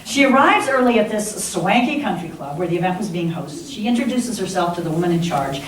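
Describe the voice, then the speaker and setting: A woman minister tells a story from the pulpit, lively and funny, breaking into chuckles. She is heard from well back in a large, very echoey hall. A faint hiss sits under her voice. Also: fairly low pitch, a little fast, far from the mic. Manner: animated, humorous retelling with chuckles. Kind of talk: sermon storytelling.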